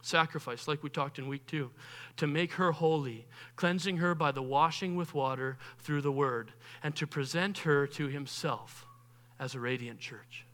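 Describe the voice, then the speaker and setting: A man preaching a sermon as pastor, animated, acting out the voices of people he quotes, rising to loud bursts and dropping quiet. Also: on the high side, normal speed.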